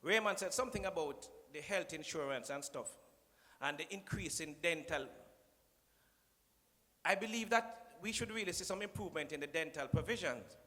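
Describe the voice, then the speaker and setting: A man's voice: on the high side, a bit bright. A man with a Jamaican accent giving a playful, teasing conference speech from a podium, slipping into patois. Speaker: conference speaker addressing the minister. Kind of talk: joking public speech. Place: conference hall. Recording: long reverb of a large hall.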